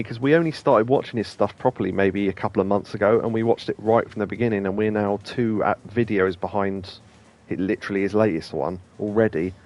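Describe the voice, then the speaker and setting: A man hosting a let's play, talking casually and rambling with plenty of ums and asides. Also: fairly low pitch. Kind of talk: casual gameplay commentary.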